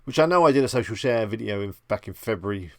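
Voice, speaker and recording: Gravelly-voiced man hosting a live stream. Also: lowish voice, animated, fast talker, a bit bright, dry recording. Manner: rambling, easygoing, chatty with viewers. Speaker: livestream host. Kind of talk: casual live-stream chat.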